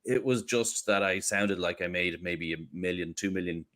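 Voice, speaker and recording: A man co-hosting a podcast in casual chat, animated and joking, who laughs often. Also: deep voice, normal speed. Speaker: podcast co-host.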